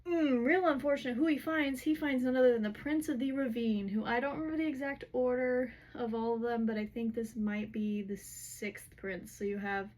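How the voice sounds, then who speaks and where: A woman's voice: on the high side, steady tone, normal speed, few pauses, darkish tone. A woman casually recapping a fantasy novel for her vlog, rambling and filler-heavy. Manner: rambling, heavy use of "like" and "whatever". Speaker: book recap vlogger. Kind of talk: casual chatty book recap.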